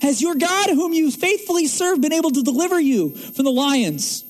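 An anxious ancient king calls out in a raised, pleading voice, as a man preacher reads his words. The voice sits very high for a man. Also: big pitch swings, normal speed. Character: anxious pagan king calling out.

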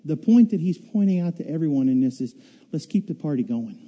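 Animated, bright-voiced man preaching. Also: a little fast, lo-fi sound. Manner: animated storytelling, acts out riders' shouts and screams; drops to a quiet, low delivery for the sermon point. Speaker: pastor. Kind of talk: sermon.

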